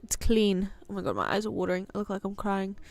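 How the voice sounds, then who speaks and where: A woman's voice: mid-range voice, very animated, fast, dry recording, faint music behind. A tired young woman with a New Zealand accent, chatting and rambling casually while live-streaming a game late at night. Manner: chatty, rambling, self-interrupting.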